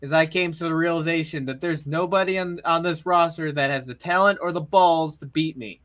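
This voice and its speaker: A man's voice: fairly high pitch, brisk, close to an everyday voice. A man doing a cocky wrestling champion. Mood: boastful. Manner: loud boastful promo delivery.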